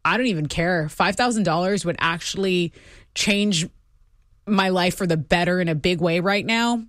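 A woman's voice: fairly low pitch, normal speed, a bit bright, dry recording. A woman with a mid-range voice co-hosts a call-in radio show. She reads news items and listener texts aloud in a casual, chatty way. The studio sound is close and dry. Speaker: radio talk show co-host and news reader.

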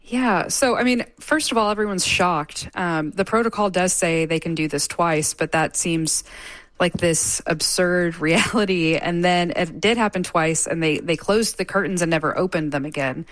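Female field reporter, low-pitched, measured, dry close mic. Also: no echo. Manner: measured, with frequent fillers. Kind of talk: live news interview.

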